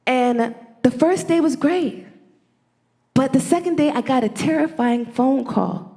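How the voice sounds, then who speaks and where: A woman who is a church elder, giving an animated testimony at a church service and talking directly to the congregation. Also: high voice, a little slow.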